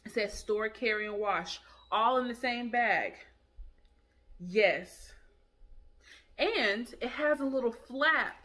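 A woman's voice: a little high, sharp tone. A woman hosting a casual product review vlog, chatty and enthusiastic, talking straight to her viewers.

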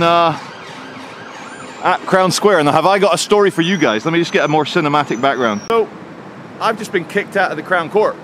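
A man vlogging to camera on a city street, telling a story in a chatty, jokey way. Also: on the high side. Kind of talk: walking vlog to camera. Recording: faint street and traffic noise.

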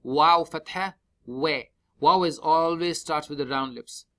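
Bright-voiced man teaching Quran recitation. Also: a little high. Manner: slow, drawn-out chanting when reciting; spells out letters and vowels one by one. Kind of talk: step-by-step tajweed lesson. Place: mosque.

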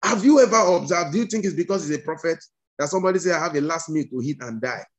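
A husky, somewhat high-pitched man preaching and praying with fervor. He drives his lines as repeated commands and slips into speaking in tongues between them. The sound comes through a video call. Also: lively intonation, fast talker. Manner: commanding, repetitive declarations. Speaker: pastor. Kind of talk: fervent prayer sermon.

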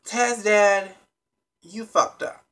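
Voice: mid-range voice, steady tone, very slow, sharp tone, clean tone. Blunt, profane vlog reviewer. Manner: talks straight to viewers. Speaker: TV show reviewer. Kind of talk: casual vlog recap.

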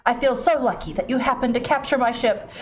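A woman's voice: a little high, fairly quick, soft background music, close to an everyday voice. A woman reading a game's dialogue aloud, voicing a nervous male ghost pirate underling who fawns and stammers. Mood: fawning. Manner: fawning, stammering.

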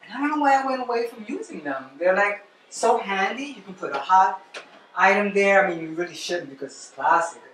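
A woman's voice: mid-range voice, animated, a little fast, fairly bright tone. A woman hosting a cooking show, chatty and flamboyant, talking viewers through a recipe in her kitchen. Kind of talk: cooking demonstration. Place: home kitchen. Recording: roomy kitchen, distant mic, noisy.

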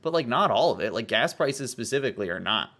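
A man's voice: medium pitch, big pitch swings, fast, a bit bright. A man streaming live, commenting sarcastically with lots of swearing and filler words.

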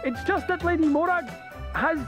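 An actor playing a timid, slow-witted male soldier in a video game, hesitant and apologetic. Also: extremely high pitch. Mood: nervous. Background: faint game music.

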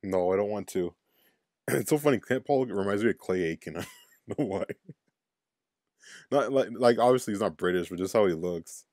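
A young man giving casual let's-play commentary, excitable and swearing as he plays. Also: fairly low pitch, normal speed, long pauses, dry recording, clean studio sound. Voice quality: excitable, swears and laughs often.

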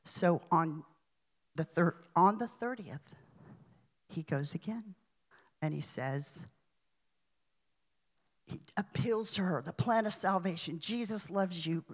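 A woman preacher telling a story in a sermon, dramatic, with sudden hushes and swells. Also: lowish voice, takes it slowly, pauses often.

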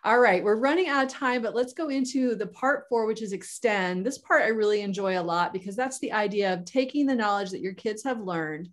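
A woman's voice: medium pitch, fairly quick, hardly any pauses. A woman co-hosting an online professional development session for teachers, presenting enthusiastically with frequent fillers. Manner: enthusiastic, with many fillers and restarts. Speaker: educator webinar co-host.

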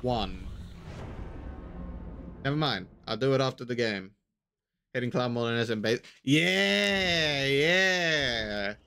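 A man's voice: medium pitch, expressive, slow, vocal fry, pauses often, sharp tone. A man streaming a game live, casually chatting with his viewers, answering their messages and often repeating himself. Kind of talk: casual live-stream chat while gaming.

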